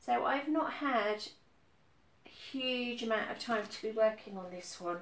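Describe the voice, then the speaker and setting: A woman's voice: on the high side, measured pace, a bit bright. Chatty woman from the UK, roomy sound. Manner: chatty, many ums, repeats herself. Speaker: cross-stitch vlogger. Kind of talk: casual chat. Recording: roomy echo, somewhat far from mic, faint background noise.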